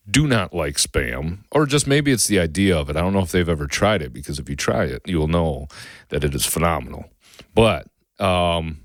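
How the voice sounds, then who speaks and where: A man's voice: low voice, smooth, dry recording, clean studio sound. A man hosting a casual cooking podcast, talking in a rambling, folksy way with many restarts. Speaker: podcast host.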